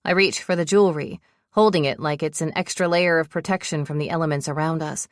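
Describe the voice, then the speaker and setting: Woman, audiobook narrator, first-person romance, low voice, urgent, dry close recording. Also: a little fast, no room sound.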